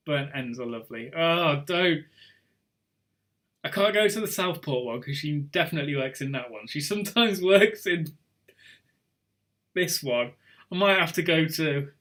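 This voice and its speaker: Chatty young quiz host. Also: male voice, on the high side, fairly bright tone. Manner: chatty and rambling, drifting off topic with chuckles. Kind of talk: live online pub quiz hosting.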